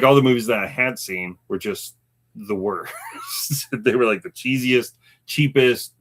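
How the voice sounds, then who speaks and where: A man co-hosting a live stream in casual chat, chatty and animated, laughing often and reading viewer comments aloud. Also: fairly low pitch.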